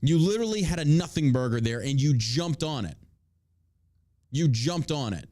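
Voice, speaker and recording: A man's voice: on the high side, lively intonation, normal speed, dark tone, dry recording, studio quality. A man hosting a show, delivering profane, combative and mocking political commentary. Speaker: podcast host.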